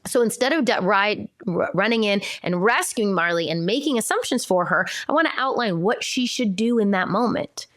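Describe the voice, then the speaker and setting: A woman in her thirties hosts a podcast in a casual, explanatory way. Her voice sits at an ordinary middle pitch and the sound is close and dry. She is animated, with fillers and quick acted-out quotes. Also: no echo. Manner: chatty, filler "like" and restarts. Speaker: podcast host.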